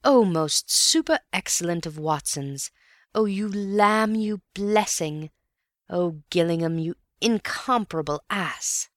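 A woman reading aloud, voicing an excitable young male amateur detective with theatrical outbursts. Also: low voice, measured pace, no echo, clean studio sound. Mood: excited. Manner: exclamatory and theatrical, then grave explaining.

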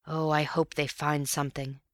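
A woman voicing an earnest, brooding man who speaks slowly and carefully. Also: sits low, dry recording, studio quality, close to an everyday voice. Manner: slow, earnest, measured.

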